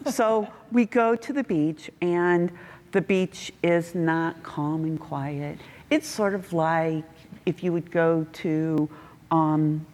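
Low-voiced woman telling lively stories in a hall. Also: slow pace. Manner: animated, laughing, acts out quotes with big pitch jumps. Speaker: mission trip member sharing stories. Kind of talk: casual storytelling. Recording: reverberant hall.

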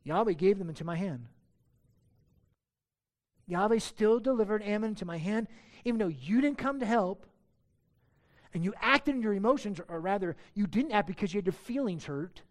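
Earnest preacher man, higher voice. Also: lively intonation, brisk. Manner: earnest, emphatic, many rhetorical questions. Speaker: pastor. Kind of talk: sermon.

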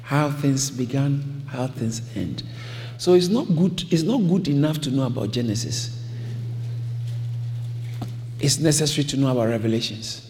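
A man's voice: medium pitch, animated, moderate pace, pauses often, a little mellow, a little hiss or hum. A man preaching a sermon, emphatic and repetitive, calling on the congregation to repeat his lines. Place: church hall. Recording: long reverb of a large hall.

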